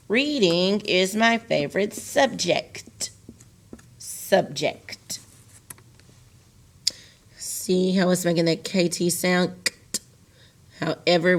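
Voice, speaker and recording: Slow, deliberate woman teaching young students. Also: on the low side. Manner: slow, deliberate, sounding out words syllable by syllable; addresses young students directly. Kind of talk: recorded classroom lesson.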